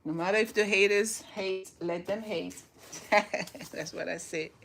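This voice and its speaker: A woman's voice: mid-range voice, fairly even intonation, measured pace, gravelly, a bit bright, a little hiss or hum. A woman in her forties hosting a casual live stream from home, upbeat and motivational, laughing often as she reads and chats. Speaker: livestream host. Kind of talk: casual live chat, reading aloud.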